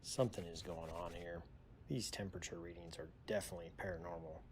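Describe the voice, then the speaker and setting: Deadpan male ghost investigator, very deep voice, quick murmured delivery, faint hiss behind; a man does the voice. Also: lightly acted. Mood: grave.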